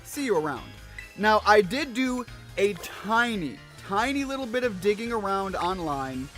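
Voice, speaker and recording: A man's voice: high voice, lively intonation, a little slow, fairly bright tone, faint music behind. A man streaming a video game, chatting casually as he plays, rambling with fillers and self-deprecating asides. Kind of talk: let's-play commentary.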